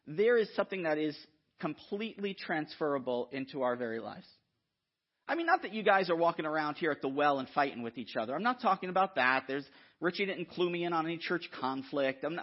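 A man preaching a sermon in an animated, conversational way, often checking in with the listeners. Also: fairly high pitch, husky. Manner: animated, conversational, frequent "right?" asides. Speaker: guest preacher. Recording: dull lo-fi sound.

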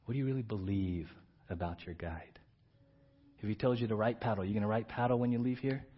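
A middle-aged man preaching a sermon, telling a story and acting out shouted commands with rising pitch and volume. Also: brisk, husky. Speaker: pastor. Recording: dull, slightly lo-fi church audio.

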